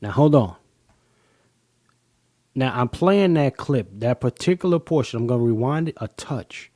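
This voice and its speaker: Man, live-stream host, casual and profane, lively swinging pitch, dry close sound. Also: moderate pace, dry recording. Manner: animated and profane, addressing viewers directly.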